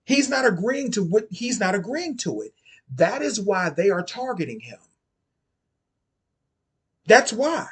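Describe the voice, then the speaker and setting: A man's voice: high voice, big pitch swings, unhurried, pauses often, slightly rough. A man giving casual spoken commentary on occult topics, sassy and chatty, often repeating and restarting his phrases.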